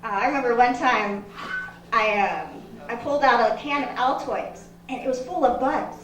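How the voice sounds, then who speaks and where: A woman doing a stand-up comedy set in a club, delivering deadpan one-liners with halting restarts. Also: fairly high pitch, slight background noise. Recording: roomy live room from far mic, audience laughter. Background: audience laughter.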